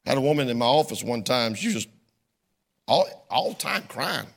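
A male pastor preaching a sermon, swinging his voice widely and breaking into sudden shouts. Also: medium pitch, expressive, normal speed, vocal fry. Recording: long hall reverb.

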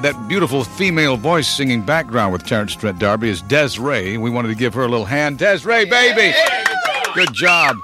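A man's voice: mid-range voice, animated, a little fast, few pauses, loud music behind the voice. A man hosting a radio countdown, chatting playfully and teasing callers. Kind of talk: upbeat radio DJ patter.

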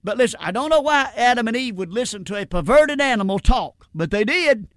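A man's voice: very high-pitched, lively intonation, brisk, fairly bright tone, dry recording, studio quality. A middle-aged man preaching a sermon in a plain, folksy way, stumbling over repeated words and dropping in frequent amens. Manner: plain-spoken folksy preaching, frequent stammered restarts and "amen".

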